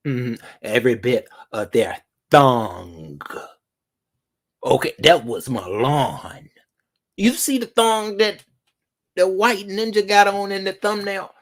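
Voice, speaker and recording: Sassy, dramatic man ranting to viewers. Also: on the high side. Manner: sassy and dramatic, drawn-out emphasis. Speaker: vlogger. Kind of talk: casual commentary to viewers.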